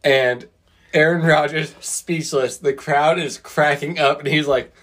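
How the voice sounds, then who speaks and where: A man's voice: a little high, steady tone, a little slow, fairly bright tone. A man co-hosting a casual podcast, blunt and stubborn, swearing as he argues and tells stories. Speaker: podcast co-host. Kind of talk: casual chat.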